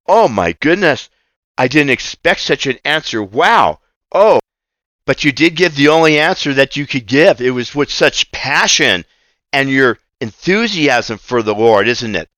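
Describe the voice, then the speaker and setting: A man's voice: mid-range voice, expressive, measured pace, a bit bright, no echo. A man hosting a Christian radio talk show, preaching in an emphatic way and repeating key phrases. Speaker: radio ministry host.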